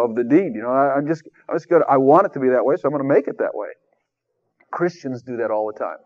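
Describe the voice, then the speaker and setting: Male radio preacher, casual emphatic delivery, somewhat high voice, muffled broadcast sound. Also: a little mellow. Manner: folksy, conversational, emphatic preaching. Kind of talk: radio sermon. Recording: dull lo-fi radio recording.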